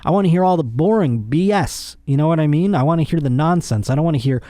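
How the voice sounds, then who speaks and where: A man's voice: fast, no room sound. A man hosting a comedy podcast, ranting and joking crudely, his voice jumping up when he gets worked up. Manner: animated, crude, jokey, voice jumps high when worked up. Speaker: podcast host. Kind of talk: casual comedic rant.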